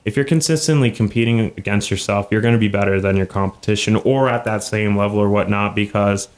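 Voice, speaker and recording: A man talking as a podcast guest, earnest and motivational. His voice sits a little low. He hammers points home by repeating phrases. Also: fast. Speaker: podcast guest, video business owner. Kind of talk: casual podcast chat.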